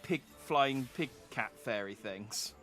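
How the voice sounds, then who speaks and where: A man's voice: medium pitch, takes it slowly, sharp tone, soft background music. A man streaming as a VTuber, chatting casually through a game and often correcting himself mid-sentence. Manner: rambling, self-correcting, chatty. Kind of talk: casual gameplay commentary.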